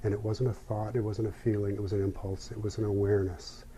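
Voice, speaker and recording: Male interview guest, unhurried and reflective storyteller, dark mellow tone. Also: lowish voice, flat delivery, a little hiss or hum. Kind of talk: personal storytelling.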